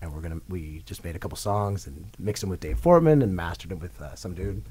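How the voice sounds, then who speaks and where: A man, a rock singer, telling stories as a guest in a radio studio, rambling and excitable as he acts out what others said. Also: low voice, fast, breathy edge. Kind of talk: casual storytelling interview.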